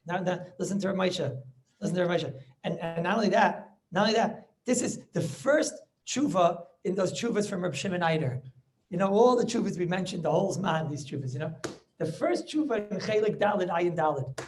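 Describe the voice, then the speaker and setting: There's slight background noise as a high-pitched rabbi gives his Talmud lecture via video call. He keeps checking on his listeners with short questions, often repeating and restarting his words.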